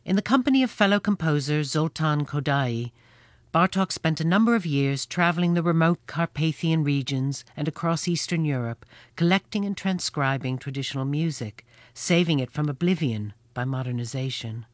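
A mid-pitched host reads a reflective scripted essay in a thoughtful, measured way. The sound is close and dry. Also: expressive, no room sound.

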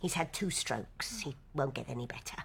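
An actress playing a tough, worn-down middle-aged housewife who talks bluntly and plainly about hard times. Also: female voice, very deep voice, lively intonation, normal speed, creaky, fairly bright tone, husky, full character voice. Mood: weary. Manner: blunt, matter-of-fact, worn down. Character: tough weary working-class London housewife. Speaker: wife and host of old friends. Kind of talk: stage drama dialogue.

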